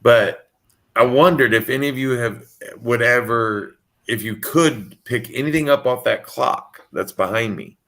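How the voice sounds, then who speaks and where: A man on a video call telling a personal story in a halting, casual way, often repeating words as he starts. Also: medium pitch, gravelly, fairly bright tone. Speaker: caller sharing a story.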